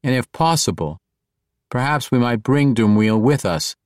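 A man voicing a courtly, persuasive male dark elf rogue who speaks in polished, ornate phrases. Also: medium pitch, animated, normal speed, no echo, studio quality, pitched above the performer's own voice, natural voice. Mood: smooth diplomatic.

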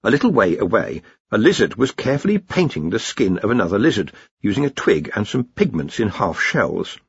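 Lively, husky male audiobook narrator. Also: lowish voice, brisk, no room sound. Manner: expressive storytelling. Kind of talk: scripted narration. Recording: dry, slightly muffled recording.

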